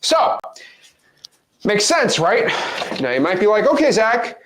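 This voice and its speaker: A young man teaching real estate with lively energy, acting out phone calls in quick different voices. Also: high-pitched, slight background noise. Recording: roomy echo.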